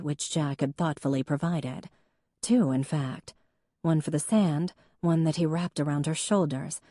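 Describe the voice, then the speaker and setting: A woman narrating a romance novel in an even, intimate storytelling manner. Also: deep voice, no echo, clean studio sound. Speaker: audiobook narrator. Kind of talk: scripted narration.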